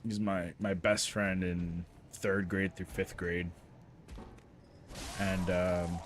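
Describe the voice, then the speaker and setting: A man streaming live, telling funny childhood stories in a casual, animated way, laughing often and acting out the people he quotes. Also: low-pitched, a little hiss or hum. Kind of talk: casual storytelling to a live chat.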